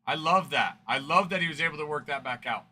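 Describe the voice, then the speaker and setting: Male stream host, chatty banterer, brilliant bright tone, a touch high. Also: fast. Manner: chatty, teasing banter, fond of the word 'frickin''. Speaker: card-breaking livestream host. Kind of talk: casual livestream chat with viewers.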